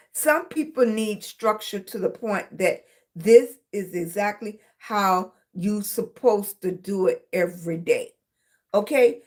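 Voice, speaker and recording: Middle-aged woman livestreamer, slightly high voice, unhurried, emphatic, keeps asking her viewers "right?". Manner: emphatic, repeats phrases, asks "right?" and "okay?" often. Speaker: content creator. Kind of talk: casual livestream chat.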